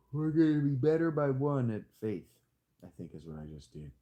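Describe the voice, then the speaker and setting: A male streamer talks through his strategy game in a loose, joking ramble. His pitch swings widely, from low mutters to sudden squeaky jumps. He slips into a hammed-up hick drawl as he goes. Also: lively intonation, measured pace, warm tone, muffled recording. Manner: rambling, jokey self-talk with sudden high squeaks; playfully hamming a hick drawl. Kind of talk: casual live-stream commentary.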